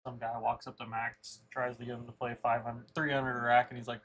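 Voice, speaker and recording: A man's voice: medium pitch, little pitch movement, fairly quick, creaky, few pauses, fairly bright tone, a little hiss or hum, rough recording. A man as co-commentator on a pool match, chatting casually and reminiscing in an offhand way.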